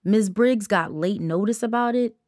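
A woman's voice: mid-range voice, moderate pace, darkish tone, no room sound, clean studio sound, lightly acted. A woman voicing a nervous, hesitant teenage girl in a storybook reading. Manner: nervous, careful.

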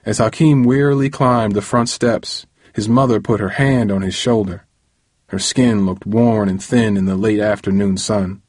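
A man reading a novel aloud as narrator, in a steady storytelling manner. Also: lowish voice, moderate pace, dry recording, studio quality. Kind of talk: audiobook narration.

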